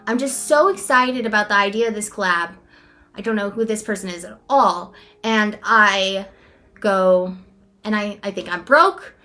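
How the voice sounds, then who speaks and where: A woman's voice: medium pitch, unhurried, bright, forceful tone, faint music behind. A young woman in a rambling, self-deprecating casual vlog, filling her talk with "like". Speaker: vlogger. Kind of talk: casual talking-head vlog.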